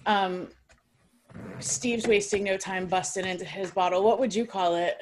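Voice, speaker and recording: A woman's voice: mid-range voice, fairly even intonation, moderate pace, a little hiss or hum. A woman hosting a casual chat who reads tasting notes aloud, swears freely and stumbles over hard words. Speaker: podcast host.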